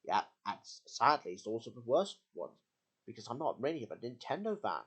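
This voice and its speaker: A man's voice: medium pitch, big pitch swings, a little fast, a bit bright, breathy edge. A man hosting a homemade puppet show, talking in a rambling way with many slips and restarts. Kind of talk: casual chat.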